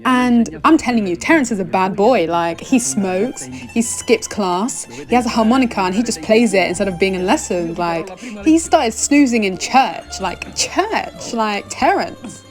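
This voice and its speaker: Chatty young woman, mid-pitched, rambles casually through an anime review, faint music underneath. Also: animated, a little slow. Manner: rambling and chatty, full of "like" and "oh my gosh".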